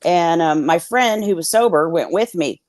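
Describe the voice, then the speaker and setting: A woman's voice: on the low side, animated, normal speed, darkish tone, no room sound, studio quality. A woman guest telling her story candidly on a video call. She swears freely and acts out the lines of the people in it. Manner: blunt, swears freely, acts out quoted dialogue.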